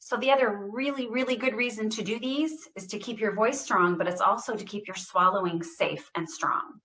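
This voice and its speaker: A woman speech therapist leading a guided voice exercise class over a computer mic. She speaks deliberately, stresses every word and projects loudly when she models phrases. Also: mid-range voice. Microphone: computer mic on a video call.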